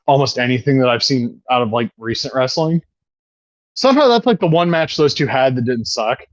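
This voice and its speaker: Profane, excitable man, lo-fi dry audio. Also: medium pitch, no echo. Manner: profane, enthusiastic wrestling fan. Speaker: podcast co-host. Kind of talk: casual chat.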